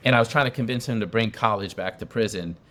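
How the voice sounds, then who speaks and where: Fast and fairly bright in tone, this middle-aged man from New York speaks in a lowish voice as a podcast guest recounting his story. In the casual interview he is emphatic and likes repeating phrases for effect.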